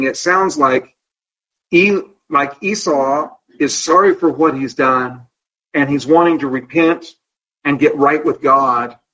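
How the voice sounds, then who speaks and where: A man teaching Scripture to a small class, talking in a candid, conversational way. His voice sits a little high and has a husky, breathy edge. He keeps checking in with his listeners and slows down on the words that matter. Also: fairly bright tone, poor audio. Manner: asks the class rhetorical questions, checking in with "okay?"; candid and personal, slows down to stress key words. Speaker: Bible study teacher.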